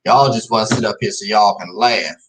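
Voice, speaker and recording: Man, slightly low voice, casual livestream host, chatty, rambling. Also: brisk, noisy background. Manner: casual, chatty, addresses viewers as "y'all", rambling with fillers. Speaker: host of a live stream show. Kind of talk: casual livestream chat with viewers.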